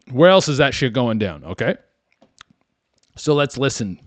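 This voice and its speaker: A man hosts a solo comedy podcast, riffing crudely and wandering off on tangents. His pitch swings up and down as he jokes along. The sound is close and dry, with no room in it. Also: very animated, takes it slowly, no echo.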